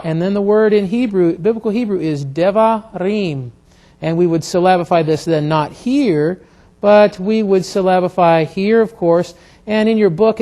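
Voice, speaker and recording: A man teaching a classroom grammar lecture, explaining step by step in a halting way with many pauses and restarts. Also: high voice, a little mellow. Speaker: Hebrew instructor.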